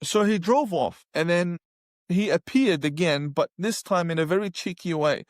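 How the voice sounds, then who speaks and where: A man's voice: high voice, animated, normal speed, no echo, clean studio sound. Emphatic man telling his story. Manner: emphatic, acts out his own past words. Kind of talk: personal storytelling.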